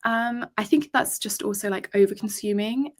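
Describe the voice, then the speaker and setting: A woman's voice: medium pitch, moderate pace. Chatty woman, podcast guest. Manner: chatty, lots of "like", storytelling. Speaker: podcast guest, secondhand fashion creator. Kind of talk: casual podcast chat.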